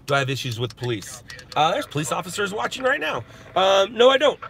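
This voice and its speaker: A man's voice: a little high, expressive, fast talker, fairly bright tone. A man working as a news stringer, chatting and joking with live-stream viewers from inside a parked car, talking into his phone. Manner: joking, chatty, laughs often. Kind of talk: casual live-stream chat.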